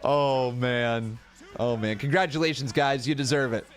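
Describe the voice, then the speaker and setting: Here a young man provides casual live-stream commentary during a watch-along, speaking at medium pitch and normal speed over soft background music. He laughs a lot, gets excitable, and calls his chat "guys" and "bro".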